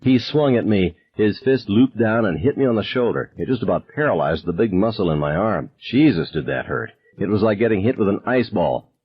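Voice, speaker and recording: A man reads a novel aloud in the first person, his delivery turning intense as tension rises. His voice sits very low and sounds husky and breathy. The recording has a slightly dull, lo-fi quality. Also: lively intonation, a little fast, few pauses. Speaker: audiobook narrator. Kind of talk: first-person audiobook narration.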